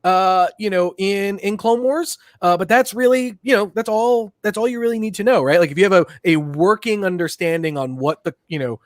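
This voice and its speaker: A man co-hosting a casual pop-culture chat, his voice sitting a little high for a man. He rambles loosely, full of "you know" and restarts. The sound is dry and close. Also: moderate pace, few pauses, dry recording. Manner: rambling, many fillers and restarts. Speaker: podcast co-host.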